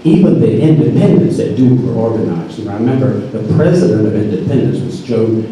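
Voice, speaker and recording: Casting: older man, mellow dark voice, dry folksy live storyteller, distant mic in an echoey hall. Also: on the low side, lively intonation, brisk, a little hiss or hum. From North Carolina.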